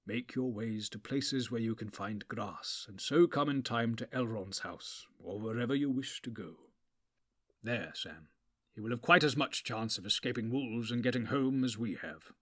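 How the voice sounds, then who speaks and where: A man voicing a grave, commanding old male wizard who speaks slowly and deliberately. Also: mid-range voice, expressive, fairly bright tone. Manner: slow, weighty, deliberate. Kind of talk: audiobook character voice.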